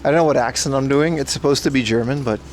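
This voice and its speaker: A man's voice: medium pitch, quick pace, a little hiss or hum. A man hosting a casual outdoor livestream, joking and answering chat questions aloud as he walks city streets. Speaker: livestream host.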